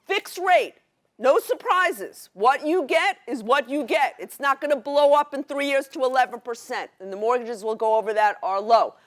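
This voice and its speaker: A middle-aged woman with a Brooklyn accent, giving an excited, fast-paced educational presentation to a workshop audience. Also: sits high. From New York City. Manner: fast, excited, New York directness.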